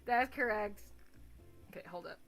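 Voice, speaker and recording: A woman's voice: medium pitch, normal speed, fairly bright tone. A woman streamer chatting casually with her viewers, rambling, giggly and crude, often mocking herself. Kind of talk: casual livestream chat. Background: faint music.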